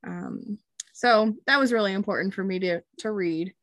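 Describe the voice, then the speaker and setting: Chatting casually as a podcast co-host, this young woman speaks at a normal speed and medium pitch, with no echo on the recording. Her storytelling is animated and sprinkled with frequent "um"s.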